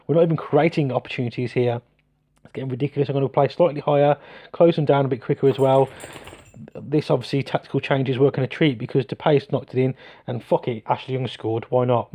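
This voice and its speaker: A young man giving sarcastic, sweary let's-play commentary on a football management game, recorded on a tablet mic. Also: mid-range voice. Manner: sarcastic, swears often, gets loud when excited. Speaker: gaming commentator. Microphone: tablet screen recorder mic.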